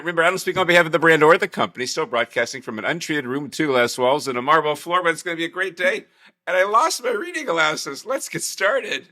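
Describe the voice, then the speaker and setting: A man's voice: medium pitch, pushed and bright. A man giving a recorded morning training talk as a workplace trainer, upbeat and chatty with jokey asides, in an untreated room with glass walls and a marble floor.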